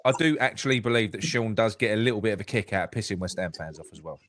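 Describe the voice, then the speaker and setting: A man's voice: on the low side, expressive, rapid-fire. A man, co-hosting a fan talk show, outspoken and swearing freely, often stumbling and restarting. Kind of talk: heated casual banter.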